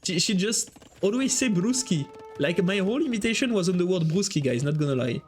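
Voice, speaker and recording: A man giving live esports commentary, excitable and joking as he jumps between calling the play and chatting with viewers. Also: high-pitched, a little fast, soft background music. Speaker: esports caster.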